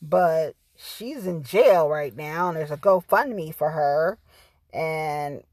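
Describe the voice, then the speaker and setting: A woman's voice: low voice, slow pace, a little mellow, no echo. A woman hosting her own podcast, talking candidly and profanely straight to her listeners in a casual monologue. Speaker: podcast host.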